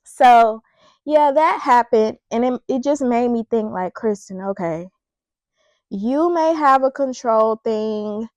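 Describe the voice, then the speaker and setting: A young woman talks in an unhurried, chatty way, using casual slang while she reflects on herself. Her voice sits a little high and she sounds slightly out of breath. The sound is dry and close, with no room echo. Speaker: vlogger. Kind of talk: casual chat while styling her hair.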